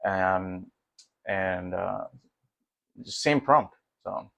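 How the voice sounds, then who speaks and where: Low-voiced man rambling through a tech demo. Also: drawn-out words, creaky, no echo. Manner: rambling, many fillers and restarts; excited, easygoing. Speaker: tech vlogger. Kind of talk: casual walkthrough commentary.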